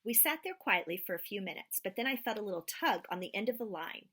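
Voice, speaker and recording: Expressive woman reading a children's book. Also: mid-range voice, quick pace. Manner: expressive storytelling. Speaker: storyteller. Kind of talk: children's book read-aloud.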